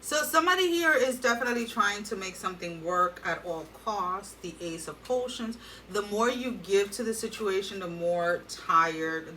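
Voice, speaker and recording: Bright-voiced woman giving a tarot reading. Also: fairly low pitch, recorded from a distance, slight background noise, low-quality recording. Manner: earnest, addresses viewers directly with advice. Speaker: tarot reader. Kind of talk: tarot card reading to viewers.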